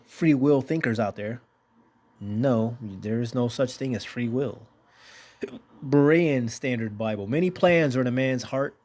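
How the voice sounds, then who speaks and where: A man's voice: mid-range voice, darkish tone. A man teaching from the Bible in a casual, blunt way, reading verses aloud, swearing freely, and asking rhetorical questions. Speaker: preacher teaching scripture.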